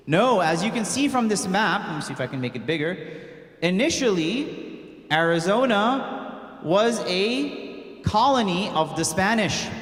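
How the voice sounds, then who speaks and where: A male imam lecturing a live audience, firing quick questions at the crowd with casual, slangy asides. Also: high-pitched, a bit bright. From United States. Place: large hall at an Islamic center. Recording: echoey hall, long reverb.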